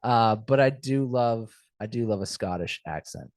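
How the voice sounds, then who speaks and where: A man co-hosting a podcast, talking through a film in casual chat, chatty and self-deprecating and quick to laugh. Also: medium pitch, darkish tone, no room sound, studio quality. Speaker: podcast co-host.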